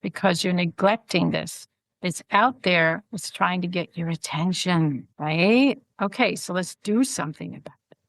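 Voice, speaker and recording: A middle-aged woman, a podcast guest and author, chatting casually and telling personal stories in an animated way. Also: on the low side, measured pace, creaky, no echo. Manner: animated storytelling, chatty asides. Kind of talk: casual chat.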